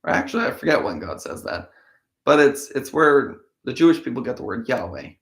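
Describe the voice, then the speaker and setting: The host of a daily Bible reading show reads scripture at a brisk pace and pauses for relaxed, conversational musings and asides. His middle-pitched voice is a little hoarse from a cold, and the echoey room rings around him.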